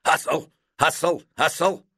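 A man voicing a loud, gruff middle-aged gym coach who barks orders in a read-aloud story. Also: medium pitch, sing-song, slow, no room sound, clean studio sound, voice pushed up, heavily acted. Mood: shouting. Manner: barking, shouting orders. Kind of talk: storybook character voice.

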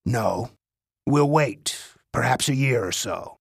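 A man voicing an old, frail male spy chief who speaks slowly, coldly and in clipped phrases. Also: mid-range voice, lively intonation, vocal fry, slightly rough, no echo, studio quality, exaggerated voice. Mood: coldly calculating.

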